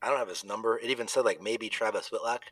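On a casual podcast recapping a race, this male co-host talks fast in a fairly low voice, laughing often as he tells stories and acts out both sides of each conversation. The recording is dry.

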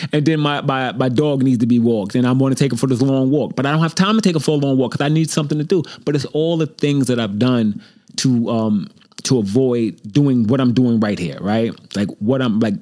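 A man at home talks into a desk mic, hosting his own show in a loose, rambling way. He pokes fun at himself and sometimes drops into a low mutter to play the doubting voice in his head. His voice sits in the middle of the usual range for a man. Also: warm tone. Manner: rambling, self-deprecating, acts out his inner critic in a low muttering voice. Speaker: host. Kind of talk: casual solo monologue. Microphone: desk microphone.

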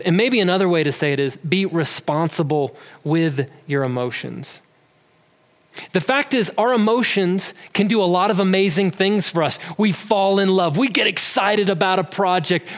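A man giving an earnest, conversational talk about emotions who sometimes repeats words as he goes. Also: sits high. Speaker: speaker on emotions. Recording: long hall reverb.

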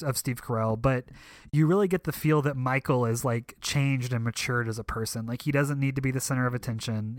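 A man's voice: mid-range voice, no room sound, clean studio sound. A young man chatting casually on a podcast, rambling with emotional enthusiasm. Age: young adult. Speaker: podcast co-host.

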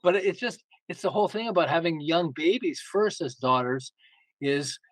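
Older man telling animated family stories. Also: fairly high pitch, moderate pace, dry recording, poor audio. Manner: animated, acts out family dialogue, chuckles often. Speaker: guest. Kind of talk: casual interview storytelling.

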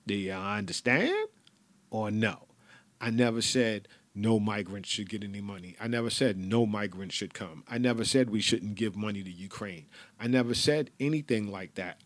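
A man's voice: on the low side, no echo. A man hosting a solo podcast, ranting bluntly and profanely with lots of repetition. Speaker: podcast host.

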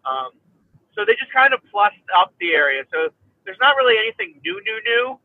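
A man's voice: high-pitched, sing-song, fairly quick, no room sound. A man speaking as a guest in a casual podcast chat, rambling with lots of fillers and hiccuping. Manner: rambling, many fillers and restarts. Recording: dry, tinny phone-like line.

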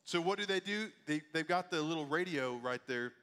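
A man delivers a sermon with an animated storyteller's flair, acting out the voices of the people in his story. His voice sits a little high for a man. It rings out with the long reverb of a large hall. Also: fairly quick. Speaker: pastor.

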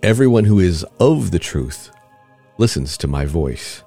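A man reading aloud the words of a calm, accused teacher-king, measured and steady. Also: sits low, creaky, soft background music, heavily acted.

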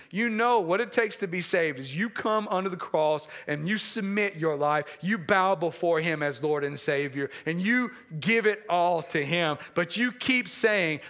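Guy preaching a sermon, high bright voice, animated, acts out the scripture dialogue. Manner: animated, acts out dialogue, laughs at own asides.

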